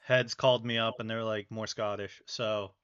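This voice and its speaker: A man's voice: fairly low pitch, flat delivery, normal speed, fairly bright tone, clean tone. A man co-hosting a podcast in casual comedic chat, tossing out dry sarcastic quips. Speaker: podcast co-host. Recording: dull lo-fi mic.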